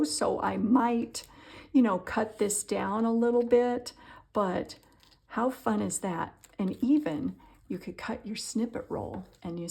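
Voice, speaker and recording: Lady showing her crafts at the table, slow easy talk, gets all excited and whispery. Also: medium pitch, creaky. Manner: gushing and excitable, frequent gasps and soft whispered asides. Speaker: crafting channel host. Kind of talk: crafting tutorial, chatty demonstration.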